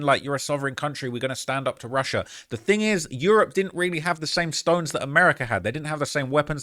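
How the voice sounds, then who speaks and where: A man giving casual, slangy political commentary, constantly checking in with "all right?". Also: mid-range voice. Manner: slangy, animated, keeps tagging lines with "all right?".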